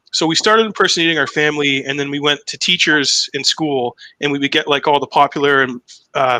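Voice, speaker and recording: A man's voice: medium pitch, pushed and bright, low-quality recording. A young man hosting a casual interview, telling stories energetically and swearing freely. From Massachusetts, US. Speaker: host.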